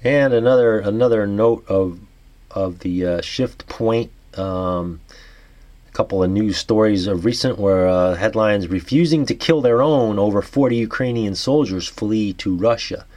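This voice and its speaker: A man with a New York accent, his voice sitting on the low side. He reads an article aloud and then thinks out loud in a halting way. He restarts his sentences often and trails off into fillers. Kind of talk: reading articles and musing aloud.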